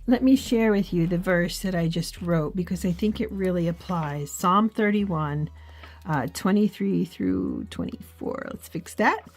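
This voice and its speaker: Middle-aged woman, devotional vlogger, unhurried earnest delivery, lowish voice over quiet music. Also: expressive. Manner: earnest, encouraging, reads scripture aloud. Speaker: faith journaling vlogger. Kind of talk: heartfelt devotional chat.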